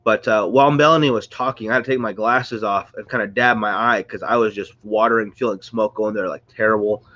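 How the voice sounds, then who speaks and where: Sounding stuffed up and unwell, a livestream host chats casually and rambles, greeting the people watching. His voice is lowish and sharp in tone, with fairly even intonation and a slightly fast delivery. The recording is muffled, picked up by a mic near a screen or phone.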